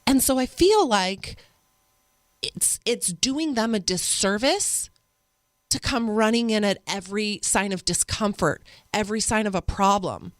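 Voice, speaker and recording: A woman guest on an interview show, a mother telling stories in an earnest, animated way. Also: medium pitch, measured pace, no echo. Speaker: podcast guest. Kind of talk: conversational interview storytelling.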